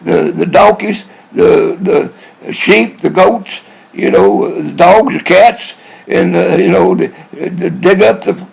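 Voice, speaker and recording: A man's voice: high-pitched, slow pace. An older man, rambling bluntly in a monologue with many restarts. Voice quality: gravelly, husky. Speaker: YouTube vlogger.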